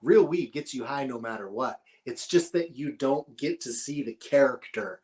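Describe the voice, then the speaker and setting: Animated and darkish-toned, at medium pitch and a moderate pace, this middle-aged podcast guest grows cannabis in Northern California. His conversational storytelling is relaxed, wandering and full of profanity.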